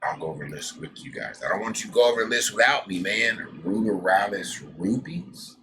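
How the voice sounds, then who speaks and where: A man's voice: on the low side, expressive, fairly quick, background noise. A man casually hosting a cannabis news stream, rambling, swearing freely and reading lists aloud with loose side comments. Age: adult with a daughter. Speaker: host of a cannabis news show. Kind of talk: casual live-stream chat.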